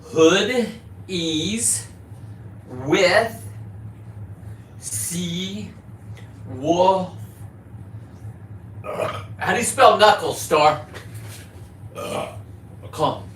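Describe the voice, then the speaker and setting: Middle-aged man, livestream host, rowdy and cussing, bright forceful voice, echoey room, faint background hum. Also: high voice, drawn-out words, pauses often. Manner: profane, boisterous, jumps between topics. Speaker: livestreaming content creator. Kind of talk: rambling casual livestream.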